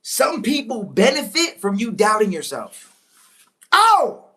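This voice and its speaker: Woman, motivational live talk, fairly high voice, lively swooping pitch, repeats key phrases, excited exclamations. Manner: preachy, emphatic, repeats key lines, bursts into excited exclamations; slows right down on key phrases. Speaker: motivational speaker.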